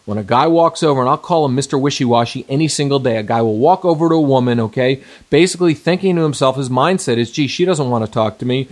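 A man's voice: medium pitch, quick pace, hardly any pauses. A middle-aged man giving an emphatic seminar talk as a dating coach, repeating points and addressing the men directly.

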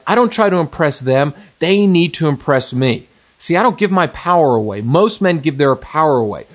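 A middle-aged man giving an emphatic seminar talk as a dating coach, repeating points and addressing the men directly. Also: fairly high pitch.

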